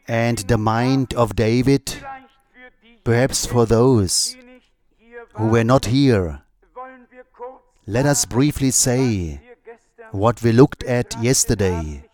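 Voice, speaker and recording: A man preaching a sermon, reading scripture aloud in a slow, measured way with long pauses between phrases. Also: mid-range voice, darkish tone.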